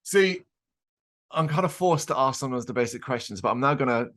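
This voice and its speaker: A male host runs a casual interview, firing off questions in a chatty way and stumbling through restarts now and then. His voice sits at a middle pitch. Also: fairly quick, a bit bright.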